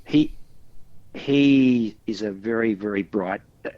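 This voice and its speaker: A middle-aged man, a loudspeaker designer, chatting as a guest in a stumbling, anecdotal way. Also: fairly low pitch, takes it slowly, no echo, highs cut off. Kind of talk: casual conversational interview.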